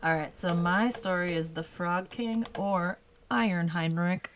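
A woman's voice: lowish voice, measured pace, low-quality recording. A young woman co-hosting a podcast, casually retelling a fairy tale with profane jokes. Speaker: podcast co-host. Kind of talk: casual comedic storytelling.

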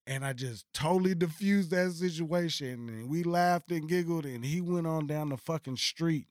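A man's voice: on the high side, moderate pace, few pauses, a little mellow, no room sound, studio quality. A man from Dallas chatting casually, telling loose profane stories with frequent laughs and playful voice impressions. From Dallas, Texas. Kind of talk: casual chat.

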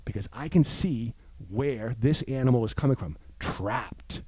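Animated, mellow-voiced man telling a story. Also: medium pitch, a little slow, slightly rough, no echo. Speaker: guest in recovery. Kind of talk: casual storytelling chat.

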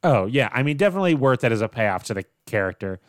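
A man co-hosting a casual podcast, recapping plot in a relaxed way and laughing often. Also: mid-range voice, fast talker, no room sound, clean studio sound. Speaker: podcast co-host. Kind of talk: casual chat recapping a TV show.

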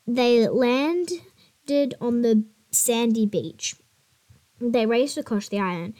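Softly hushed woman storyteller. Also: fairly high pitch, very animated, slow, no room sound. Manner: soft, hushed reading that drops to near whisper. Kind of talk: storybook narration for children.

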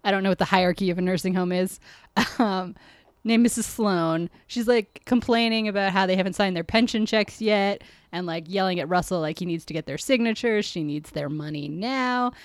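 A woman talks casually on a podcast, summing up an episode and breaking into laughs often. Her voice sits at an ordinary pitch and sounds dry, with little room around it. She plays out little quotes as she goes. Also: normal speed, no echo. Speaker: podcast co-host. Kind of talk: casual chat recapping an episode.

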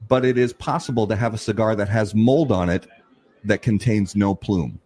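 A man co-hosting a casual talk show, explaining at length in an emphatic, animated way with frequent restarts. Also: fairly low pitch, normal speed, slightly rough. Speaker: podcast co-host. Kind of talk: casual chat.

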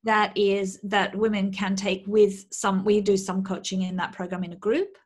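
Female coach guest, mid pitch, steady explanatory delivery. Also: normal speed, breathy edge. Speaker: menopause coach. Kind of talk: interview guest.

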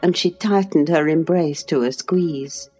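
A woman narrating a classic novel as an audiobook, measured and expressive. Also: low voice, husky, faint music behind. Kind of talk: classic novel read aloud.

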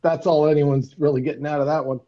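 A man's voice: a little high, steady tone, fast talker, a crowd in the background. A man calling in to a talk show, telling a rambling story with many ums and restarts over a phone. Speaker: caller. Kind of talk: casual call-in chat. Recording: dull lo-fi phone audio.

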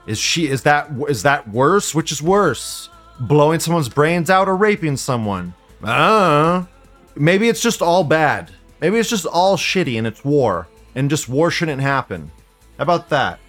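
A man's voice: a little high, fairly bright tone. A man hosting a live stream, ranting casually in a profane, sardonic way and laughing often. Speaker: live-stream host reading viewer comments.

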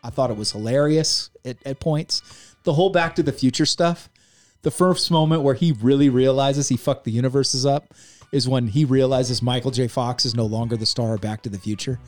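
Excited man recapping a movie. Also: mid-range voice, brisk, soft background music. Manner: animated, acts out scenes, laughs, swears. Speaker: podcast co-host. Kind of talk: casual movie review chat.

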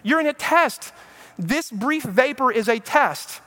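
A man's voice: very high voice, takes it slowly. A male pastor preaching a sermon, telling the stories with animation and acting out the quoted lines. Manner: animated storytelling preacher who acts out quotes.

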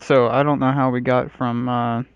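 A man's voice: medium pitch, level tone, normal speed, smooth, no room sound. Casual profane podcast host, thirties man, dull dry sound. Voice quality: rambling, profane. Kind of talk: casual chat.

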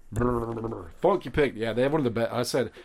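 A man co-hosting a podcast, casual chat, enthusiastic and quick with punchy interjections. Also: mid-range voice, creaky. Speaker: podcast co-host.

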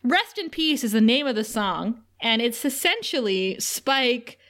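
A woman's voice: fairly high pitch, sing-song, measured pace, fairly bright tone. A woman from Canada co-hosting a podcast in casual chat, giggly and playful, often acting out scenes in voices. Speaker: podcast co-host.

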